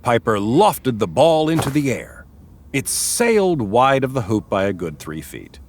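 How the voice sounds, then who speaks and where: A man reading scripted narration for a story with expressive delivery. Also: medium pitch, measured pace, a little hiss or hum.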